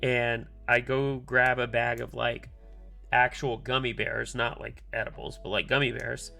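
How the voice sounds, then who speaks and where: Rambling gravelly man telling a story. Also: mid-range voice, level tone, measured pace, pushed and bright, faint music behind. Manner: rambling, filler-heavy, mutters asides to himself while soldering. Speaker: streamer building a keyboard. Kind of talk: casual storytelling while working.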